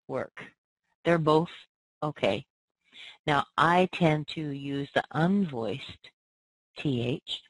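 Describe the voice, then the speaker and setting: A woman's voice: deep voice, no room sound, poor audio. Patient woman modeling pronunciation. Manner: patient, slowly models sounds and words aloud. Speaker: pronunciation coach. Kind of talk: pronunciation lesson answering listener questions.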